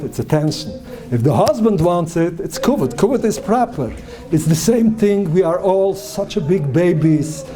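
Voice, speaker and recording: High-voiced rabbi. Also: male voice. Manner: animated storyteller acting out quoted speech. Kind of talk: lecture on marriage and emotions.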